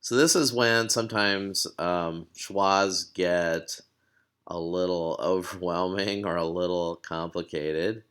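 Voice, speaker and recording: Man, deep voice, unhurried delivery, patient language lesson, explanatory. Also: fairly even intonation, fairly bright tone, clean tone. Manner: patient, explanatory, with fillers and repeats. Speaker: language teacher.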